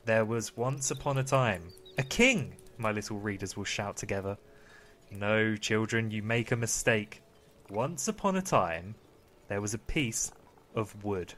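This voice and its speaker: A man's voice: lowish voice, a little slow, fairly bright tone, slight background noise. A man co-hosting a podcast, reading a bedtime story in a playful, mock-fatherly way with frequent giggles. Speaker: podcast co-host.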